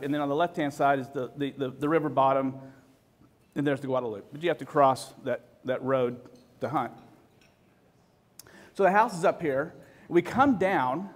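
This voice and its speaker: Man in his forties, raised-register voice, telling an emotional personal story with halting restarts. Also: on the high side.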